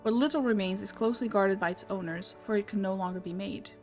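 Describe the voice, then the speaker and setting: A woman reading a game townsperson's dialogue aloud in a measured, storytelling way. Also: medium pitch, darkish tone, soft background music, natural voice. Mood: wistful.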